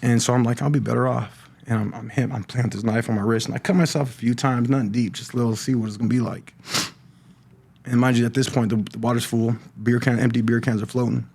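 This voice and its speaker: A middle-aged man giving a personal testimony on a podcast, talking in a halting way with many restarts and repeated words. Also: medium pitch, fairly even intonation, gravelly, darkish tone, breathy edge. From California. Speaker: podcast guest sharing recovery story. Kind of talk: personal testimony, casual talk.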